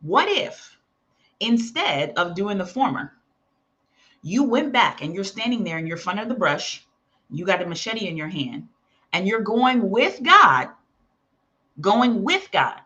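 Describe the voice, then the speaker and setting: A woman's voice: mid-range voice, sing-song, measured pace, pauses often, sharp tone, lo-fi sound. A woman teaching in a sermon style, telling a story and acting out the voices of its characters. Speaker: preacher.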